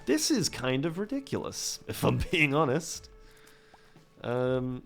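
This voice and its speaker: A young man chats casually over a game he is playing, wandering off on tangents and making fun of himself. His voice sits at a mid pitch, and faint music plays quietly under it. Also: very animated, slow pace, gravelly. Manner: rambling, digressive, self-deprecating. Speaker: gameplay commentator.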